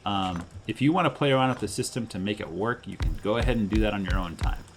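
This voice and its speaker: A middle-aged man, hoarse from a cold, chatting and joking his way through a game commentary with his daughter. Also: on the low side, fast, a little hiss or hum. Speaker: gameplay video host.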